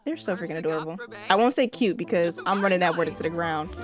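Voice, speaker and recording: A woman's voice: fairly low pitch, fast. A young woman giving casual gameplay commentary, chatty and laughing often as she talks to her viewers. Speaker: gaming video creator.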